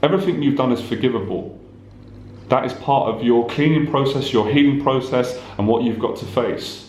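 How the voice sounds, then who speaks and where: A man's voice: mid-range voice, normal speed, darkish tone, reverberant, slight background noise, poor audio. Intense, preachy male life coach. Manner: intense, repetitive, preachy, swears. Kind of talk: direct-to-camera motivational talk.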